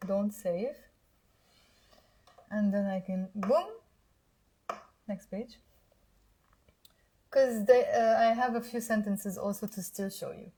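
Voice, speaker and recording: Speaking in a mid-range, slightly mellow voice, a young Lebanese-accented woman leads a live online Arabic lesson, saying words slowly and repeatedly and testing her listeners.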